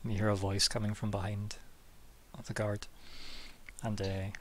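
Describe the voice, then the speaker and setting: A man narrating as game master of a tabletop game in a relaxed, soft-spoken way with many fillers, over a video call. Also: on the low side, moderate pace.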